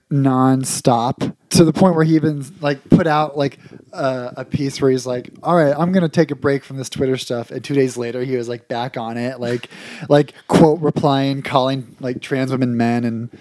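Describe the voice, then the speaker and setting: A man in a casual podcast chat, speaking haltingly with many fillers. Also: medium pitch, fairly even intonation, dark tone.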